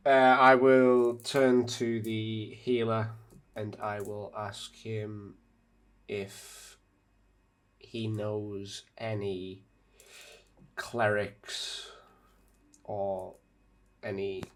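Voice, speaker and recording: A man playing his character in a tabletop game, hesitant and unhurried, with fillers. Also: lowish voice, little pitch movement. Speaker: player.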